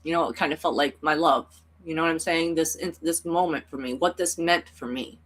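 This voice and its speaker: A tarot reader with a deep, steady, slightly rough voice that's a bit bright talks briskly. Sharing a personal story in a reflective vlog, she's earnest and emotional, rambling along with plenty of "like" and "you know."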